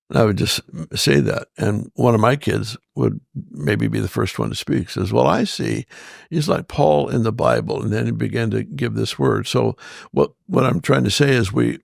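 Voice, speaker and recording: Older man, very gravelly, lowish pitch, dry close mic, halting pastor in interview. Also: no echo. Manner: halting, repeats words, soft-spoken. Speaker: guest pastor. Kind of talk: conversational interview.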